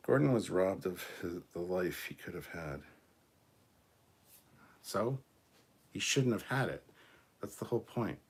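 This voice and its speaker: A low-voiced man with a husky, slightly rough tone hosts a casual livestream chat. He answers viewer comments bluntly and argumentatively, swearing freely along the way. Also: lively intonation, measured pace, pauses often. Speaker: podcast host reading viewer comments.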